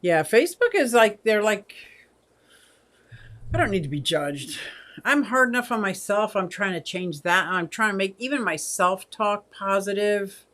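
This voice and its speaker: A woman's voice: medium pitch, measured pace, fairly bright tone. A woman in her sixties hosting a casual livestream, chatty, laughing often and reading viewer comments aloud. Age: 60s. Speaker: aquarium channel host.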